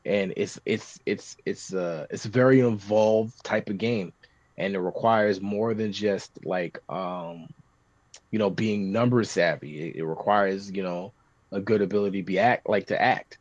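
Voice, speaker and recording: A man chatting casually on a podcast, rambling with many restarts and getting animated when describing scenes. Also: fairly low pitch, measured pace, no echo. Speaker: podcast guest talking tabletop games. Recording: dry, slightly muffled podcast recording.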